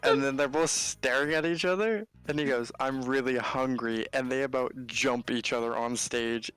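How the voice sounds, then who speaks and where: A man co-commentating on a game stream, telling a rambling anecdote in a relaxed, casual way. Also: medium pitch, moderate pace, smooth. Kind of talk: casual storytelling.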